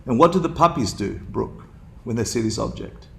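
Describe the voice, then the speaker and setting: A man with a gravelly edge to his voice leads a dharma class. He is playful, laughs a lot and keeps asking the students questions as he goes. His pitch sits in an ordinary middle range. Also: animated, moderate pace. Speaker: dharma teacher.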